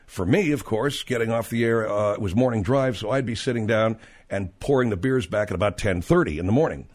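A man's voice: lowish voice, brisk, a little mellow. A man hosting a radio talk show, telling rambling anecdotes with many fillers and restarts.

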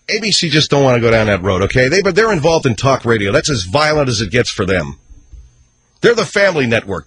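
There's a breathy edge to this man's voice as he hosts a talk radio show full of sarcastic, opinionated ranting. He moves back and forth between loud outbursts and low mutters.

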